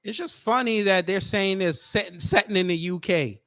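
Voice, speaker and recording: A man hosting a commentary show, reacting in a mocking, slangy and animated way. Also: sits high, normal speed, few pauses, dry recording.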